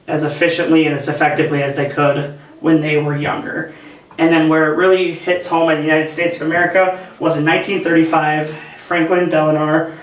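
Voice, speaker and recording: A young man giving a class presentation, hesitant with frequent fillers. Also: a little high. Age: young adult. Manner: flat, hesitant delivery with many fillers. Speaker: student presenter. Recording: echoey room, far from the mic, faint noise.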